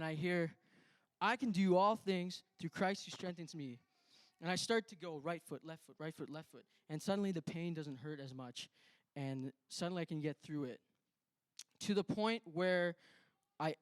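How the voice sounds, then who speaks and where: A man's voice: a little high, smooth, no room sound. A young man from Canada giving a conversational testimony at a church, telling a story with quoted self-talk and frequent restarts. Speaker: church speaker.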